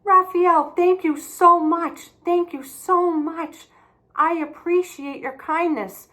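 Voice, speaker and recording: A woman voicing a demanding little girl, shrill and very high-pitched. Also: fairly even intonation, extremely slow, bright, forceful tone, exaggerated voice. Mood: grateful. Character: young girl, demanding pink toy car.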